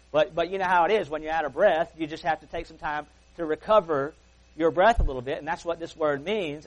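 An earnest male preacher with a voice on the higher side delivers a sermon at a church service. He leans hard into key words, then sinks into quiet, softer phrases, and drops in folksy asides along the way. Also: low-quality recording.

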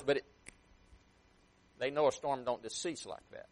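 A man preaching a sermon with emphatic swings in loudness and pace, sometimes acting out a parent scolding a child. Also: mid-range voice, steady tone, normal speed. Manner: emphatic, rising and dropping sharply for effect.

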